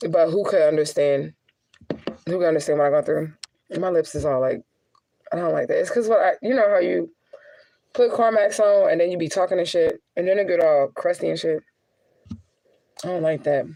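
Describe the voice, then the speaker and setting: A woman's voice: fairly low pitch, normal speed, creaky, pauses often, mellow. A young adult woman, a spiritual reader, venting candidly on a livestream, cursing freely and laughing often.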